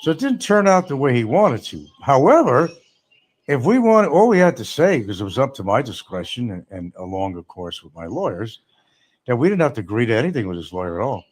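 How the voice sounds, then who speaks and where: A male livestream host riffing sarcastically and rambling between chat comments. His pitch sits in the middle but swings widely, jumping up when he mocks and dropping low when he mutters. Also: very animated, a little fast.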